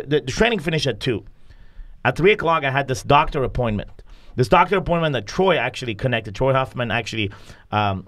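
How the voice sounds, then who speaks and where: A blunt male host who swears freely and builds into fired-up rants during a candid podcast conversation. His voice sits at an ordinary middle pitch, neither deep nor high. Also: a bit bright. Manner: blunt, profane, ranting.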